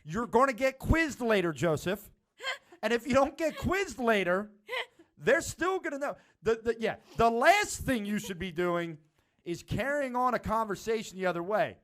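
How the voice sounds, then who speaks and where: A man's voice: high voice, very animated, normal speed, a bit bright. A man co-hosting a podcast, giving mock-serious advice in a teasing, lecturing way. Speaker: podcast co-host. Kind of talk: casual podcast banter.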